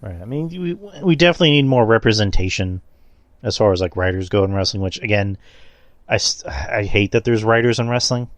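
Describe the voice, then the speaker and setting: A man's voice: on the low side, brisk, no echo. A man talking in casual podcast chat, blunt and opinionated, with casual swearing.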